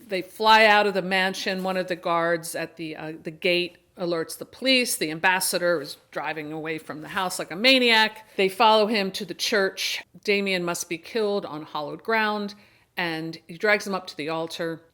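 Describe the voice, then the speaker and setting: A woman's voice: lowish voice, normal speed, pushed and bright. A woman hosting a horror book and film channel, giving a casual review monologue and retelling the plot with enthusiasm and many restarts.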